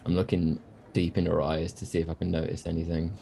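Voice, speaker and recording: A man playing a tabletop game, musing out loud about his character's actions with many fillers. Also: sits low, monotone, fast talker, creaky. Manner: musing, thinks aloud with fillers. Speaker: player. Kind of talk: casual tabletop game play.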